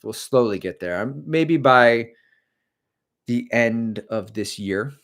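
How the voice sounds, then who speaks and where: A man's voice: medium pitch, expressive, slow pace, fairly bright tone. A middle-aged man hosting a casual livestream, chatting and rambling as he answers viewer comments about running. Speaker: livestream host and running coach. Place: home.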